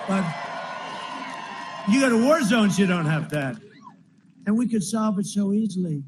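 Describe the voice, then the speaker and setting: Man, high-pitched voice, rally speech, rambling, repetitive, asides to the crowd. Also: lively intonation, moderate pace, long pauses, noisy background. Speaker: politician addressing a rally. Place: large rally venue.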